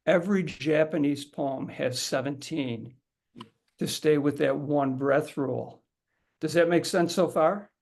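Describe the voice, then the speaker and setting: A man's voice: a little high, gravelly. A middle-aged man teaching a haiku workshop in a casual, conversational way, often repeating words and restarting sentences as he demonstrates aloud. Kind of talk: casual instructional talk to an audience.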